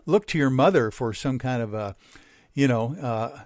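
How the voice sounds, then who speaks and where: A man's voice: mid-range voice, normal speed, dry recording, clean studio sound. A male radio host asking long, winding questions in a casual, chatty way.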